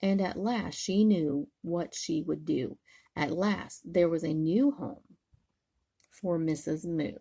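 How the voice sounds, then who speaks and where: An older woman, a grandmother, gently reading a bedtime story aloud in a soothing way. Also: on the low side, takes it slowly, creaky, breathy edge.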